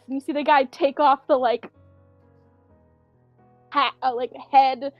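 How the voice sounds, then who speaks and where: A woman game master narrates a tabletop session in a high, dry voice recorded close to the mic. She talks casually, hesitating and filling her pauses as she describes the scene. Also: fairly even intonation, no room sound, faint music behind, low-quality recording.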